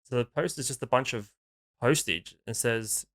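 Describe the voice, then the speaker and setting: A man co-hosting a podcast, chatting casually in a relaxed, offhand way. His voice sits mid-range, and it is recorded close and dry with no room sound. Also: medium pitch, no echo. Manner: laid-back, swears casually, reads articles aloud haltingly. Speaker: podcast co-host. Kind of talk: casual chat.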